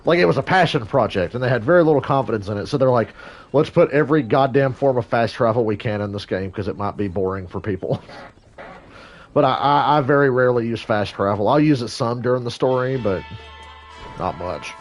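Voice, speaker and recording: A man's voice: medium pitch, animated, brisk, soft background music. Profane man riffing over gameplay. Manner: profane, rambling, joking. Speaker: gaming streamer. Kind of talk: casual gameplay commentary.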